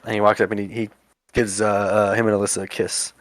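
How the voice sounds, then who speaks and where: Man, game master, low voice, narrates scenes, dry sound. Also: flat delivery, fast, no echo. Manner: describes scenes and voices characters in turn.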